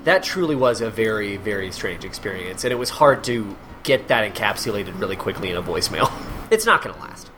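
A performer chats casually as a podcast guest, telling stories with lots of laughter and quick impressions of other people. The voice swoops over a wide, lively range, and faint noise sits behind it. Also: sits low. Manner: animated storyteller, acts out quoted people, laughs often. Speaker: guest, cruise ship improv performer.

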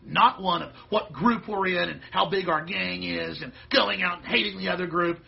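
A man hosting a show, delivering a heated, combative political rant that bursts into shouting. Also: high voice, moderate pace, creaky, hardly any pauses, husky, dull audio. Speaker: host.

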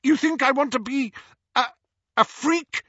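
A man reading an audiobook, voicing a shrill, spiteful, jealous girl in a loud, high voice. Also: a little slow, no echo. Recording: slightly dull, dry recording.

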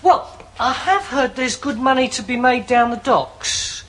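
Brief: grubby dimwit servant, laughing audience, noisy track. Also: male voice, very high-pitched, unhurried. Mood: deadpan. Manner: dull, matter-of-fact, mumbling. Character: grubby dim-witted male servant, cheerful. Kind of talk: sitcom acting.

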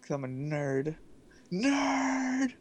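A man's voice: mid-range voice, fast, slight background noise. A young man chatting casually with friends, teasing them and joking around. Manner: teasing, jokey banter. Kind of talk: casual chat.

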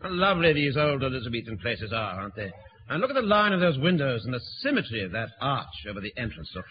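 An actor playing a languid, genteel middle-aged sergeant who answers with dry politeness in a radio sitcom. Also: male voice, mid-range voice, big pitch swings, fast talker, a little hiss or hum, lightly acted. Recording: muffled archive broadcast.

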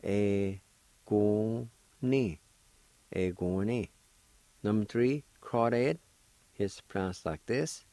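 In a dry, close recording with no room sound, a low-voiced, warm-toned man teaches a language on the radio. He's slow and deliberate, spells out each word one letter at a time with long gaps, then encourages his audience to practice.

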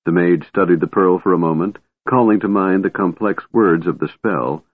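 A man reading a fantasy novel aloud as a narrator, in measured, even storytelling. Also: low voice. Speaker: audiobook narrator. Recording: tinny phone-like band, dry.

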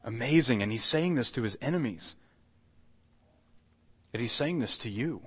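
A man's voice: medium pitch, expressive, normal speed, a bit bright, slightly rough. A man preaching a sermon as pastor, conversational and earnest, asking the congregation rhetorical questions. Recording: long hall reverb.

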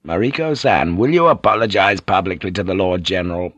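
A stern, commanding feudal lord with stiff, formal speech, as a male reader puts him on. The voice sits low and close. The recording is dry with no room sound. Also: a little fast, fairly bright tone, no echo, dull audio.

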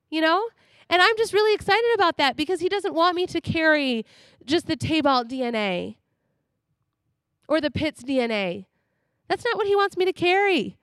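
Chatty, animated female preacher with a high voice and a dry, close sound. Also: no echo. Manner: animated and chatty, laughs often. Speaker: speaker. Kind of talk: sermon.

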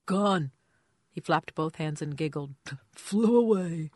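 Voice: medium pitch, steady tone, no echo, lightly acted. Narrator playing a drunk slurring young man, sullen, mumbling, audiobook character, dry close sound. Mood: giddy. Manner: slow, mumbling and sulky.

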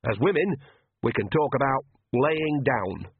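A bawdy old witch talks with blunt, earthy shamelessness, as a male narrator puts her on. The voice sits well above his own and stays lively, with a husky edge. It sounds tinny and dry, like a phone line. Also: medium pitch, a little slow, no echo, pitched above the performer's own voice.

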